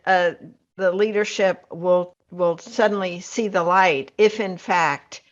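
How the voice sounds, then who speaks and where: A woman podcast host asking thoughtful interview questions in a measured way. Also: on the low side. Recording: dull lo-fi sound.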